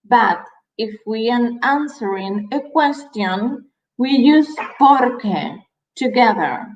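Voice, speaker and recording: A woman teaching a language lesson, repeating each word slowly and carefully for learners. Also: on the high side, expressive, echoey room, dull audio. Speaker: Spanish teacher.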